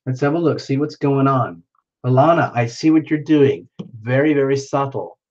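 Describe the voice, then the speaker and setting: A man's voice: mid-range voice, moderate pace, dull audio. A man hosting a casual livestream, chatting playfully with viewers and reacting to their comments. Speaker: livestream host.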